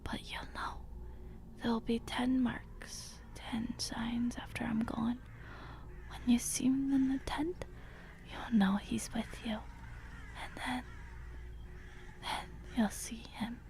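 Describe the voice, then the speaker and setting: A woman voicing a serene, dying elderly mother in a whispered role-play, speaking in a slow, hushed, breathy whisper. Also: on the high side, little pitch movement, pitched below the performer's own voice. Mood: urgent.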